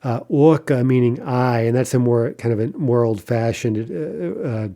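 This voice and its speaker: A man giving a video language lesson in a mellow, warm voice. He explains patiently, with frequent fillers and a habitual "right?" to keep students with him. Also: mid-range voice, normal speed. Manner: patient, repeats "right?" often, many fillers. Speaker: language teacher.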